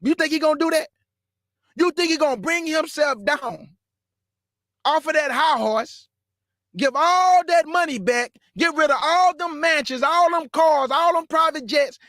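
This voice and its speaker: Brief: man, very high voice, fiery mocking preacher, dry close sound. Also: a little slow, dry recording. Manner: blunt, mocking, scolding the listener directly; bursts into shouts. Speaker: preacher and show host. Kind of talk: fiery street-style preaching rant.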